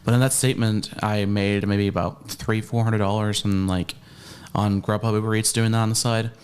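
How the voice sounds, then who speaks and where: A man in debt, appearing as a guest, explains his spending in a hesitant, rambling way, full of fillers and restarts. His voice is fairly low and clean, with a level tone and moderate pace.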